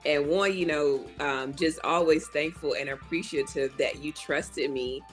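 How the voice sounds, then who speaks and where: A woman's voice: low-pitched, unhurried, soft background music. A woman hosting a casual chat, talking in an affirming, personal way with many fillers. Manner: warm, affirming, chatty with fillers.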